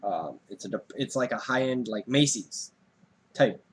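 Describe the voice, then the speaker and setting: A man's voice: mid-range voice, animated, unhurried, slightly rough. A young man co-hosting a casual chat, telling a story with swearing and sudden jumps in his voice when he acts out the scene. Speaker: podcast co-host.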